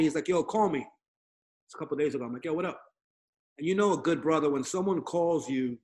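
Male podcast host, slightly high voice, animated storyteller, casual chat over a video call.

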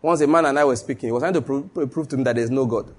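A Nigerian male pastor preaching a live-streamed sermon, telling stories and repeating key phrases for emphasis, dropping to a hush and then rising. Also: mid-range voice, racing. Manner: dramatic shifts between hushed and raised voice.

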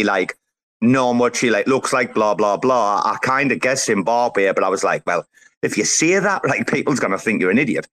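A man's voice: mid-range voice, a bit bright. A man with a North East English accent hosting a casual chat, bantering and swearing freely. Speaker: host.

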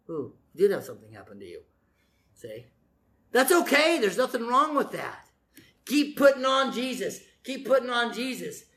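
Male preacher, high-pitched, animated sermon delivery with repeated emphatic phrases. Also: reverberant.

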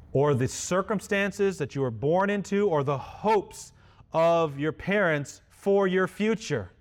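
Conversational pastor with a higher-pitched voice. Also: male voice. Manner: conversational, self-deprecating humor. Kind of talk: sermon.

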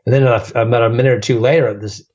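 A man's voice: medium pitch, steady tone, quick pace, darkish tone, muffled recording. A man telling long stories in casual chat as a podcast guest, rambling with many fillers and restarts.

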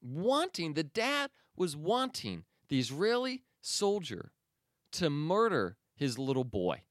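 A man hosting a news commentary podcast, opinionated and sarcastic, often pausing with fillers and restarts. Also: a little high, wildly swooping pitch, a bit bright, dry recording, studio quality. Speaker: podcast host.

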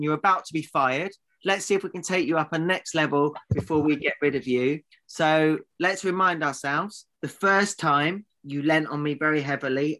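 A man's voice: fairly high pitch, sharp tone. A man co-hosting a podcast, bantering in a teasing, mock-serious way. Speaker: podcast co-host. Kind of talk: casual comedic banter.

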